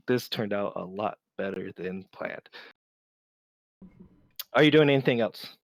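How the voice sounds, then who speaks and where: A man narrating as game master of a tabletop game, relaxed and unhurried, with many fillers. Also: fairly low pitch, creaky, no room sound.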